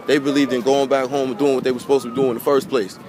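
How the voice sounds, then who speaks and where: A vlogger with a medium-pitched voice talks rapid-fire, though his delivery is flat, in an impassioned, emotional monologue to camera outdoors by a pier near water. He's preachy and repetitive, swears, and calls his viewers family, while wind and water noise fill the background.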